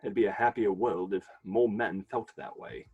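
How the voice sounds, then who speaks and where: An actor playing an inquisitive companion asking questions in an audio drama. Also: male voice, fairly low pitch, fairly even intonation, moderate pace, husky, phone-quality sound. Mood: curious.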